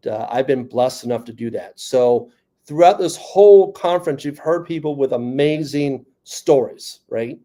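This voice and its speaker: A man's voice: fairly high pitch, mellow. A man in his fifties with a New York accent, a comedian and speaker joking and telling his own story to a conference audience. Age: 50s. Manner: joking, then earnest and personal. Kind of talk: stand-up comedy talk at a conference.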